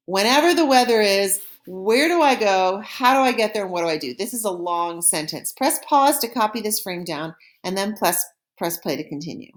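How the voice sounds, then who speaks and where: A woman teaching a recorded French lesson, explaining in a friendly classroom way and saying model phrases slowly and clearly for repetition. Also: medium pitch, expressive. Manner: slow, carefully pronounced model phrases for repetition; friendly classroom explaining with small slips and laughs.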